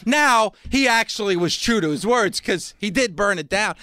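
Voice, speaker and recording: A man hosting a wrestling show, pausing a clip to mock it in a sarcastic, laughing way. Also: sits high, expressive, bright, forceful tone, clear, resonant tone, no echo, studio quality. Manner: sarcastic, mocking, laughs often. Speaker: wrestling podcast host. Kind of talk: casual reaction commentary.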